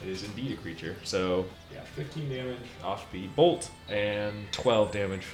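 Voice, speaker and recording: A man's voice: fairly low pitch, moderate pace, soft background music. Laid-back man in a roomy space. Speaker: player. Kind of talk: casual tabletop game chat.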